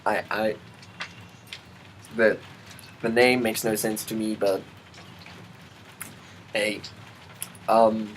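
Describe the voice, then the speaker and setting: Guy rambling on his vlog, kinda low voice, lots of ums and restarts. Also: flat delivery, extremely slow, long pauses, a little hiss or hum, low-quality recording. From South Africa. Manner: rambling, self-interrupting, many ums and restarts; chatty, asides to the weather. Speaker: vlogger. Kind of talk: casual rambling monologue.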